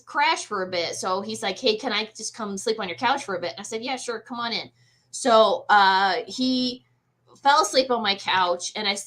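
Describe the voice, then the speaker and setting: Middle-aged woman, medium guest; bright, slightly high, animated storyteller. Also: rough recording. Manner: animated, acts out voices in quotes. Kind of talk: casual storytelling.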